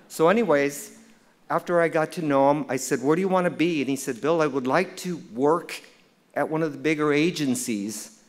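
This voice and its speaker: An older man speaks from a stage at an awards event, telling a funny story. He acts out each line of dialogue with animated humor. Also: on the high side, moderate pace, long pauses. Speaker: award presenter. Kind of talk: storytelling speech. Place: event stage before an audience.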